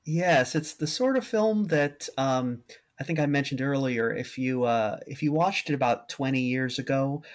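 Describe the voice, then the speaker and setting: A man guesting on a podcast with a mid-pitched voice. He drawls his lines slowly and deadpan, putting on a mock-grand radio manner. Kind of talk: casual podcast chat.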